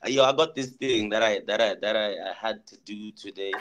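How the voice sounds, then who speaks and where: A man's voice: lowish voice, brisk, a bit bright, a little hiss or hum, low-quality recording. A man guest on a radio interview, playful and joking in casual chat. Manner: playful, joking, laughs often. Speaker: guest musician and comedian.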